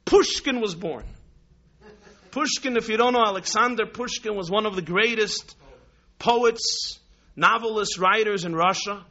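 A man from New York preaches as a rabbi, telling a long story with animated repetition and restarts. His voice is high and bright, and the recording sounds dull and lo-fi. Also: moderate pace. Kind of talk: sermon storytelling.

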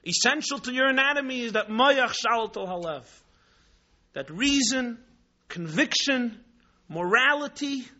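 A man teaching a religious class with lively, emphatic storytelling and rhetorical repetition. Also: very high-pitched, unhurried. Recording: dull lo-fi recording.

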